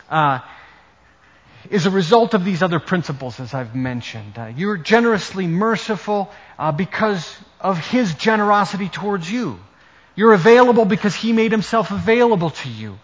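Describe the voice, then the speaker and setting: A male pastor delivers a sermon with a fairly high voice that leaps up and down in pitch. He presses hard on key words, then drops to quiet asides. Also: lively intonation, moderate pace, lo-fi sound. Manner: emphatic preaching, swings from loud stresses to quiet asides.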